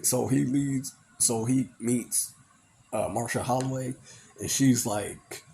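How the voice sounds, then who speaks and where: A man's voice: medium pitch, steady tone, slow, vocal fry, dark tone, slight background noise. A man recapping a movie in a casual, rambling way, full of "you know" and "like". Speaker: movie reviewer.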